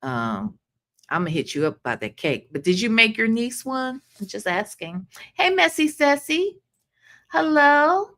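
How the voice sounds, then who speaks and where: Woman livestream host: slow, animated pitch, casual chat greeting viewers. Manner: greets viewers by name, chatty and drawling.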